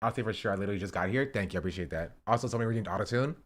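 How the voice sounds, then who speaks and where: A man's voice: lowish voice, very fast. A young man streaming live, chatting casually with his viewers, pleading and joking. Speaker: livestreamer.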